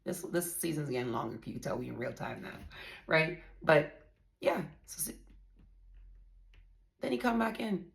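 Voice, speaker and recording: Blunt gravelly woman telling it straight. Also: low voice, sing-song, moderate pace, long pauses. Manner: blunt, profane, emphatic storytelling. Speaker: vlogger telling her divorce story. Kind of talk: casual monologue to viewers.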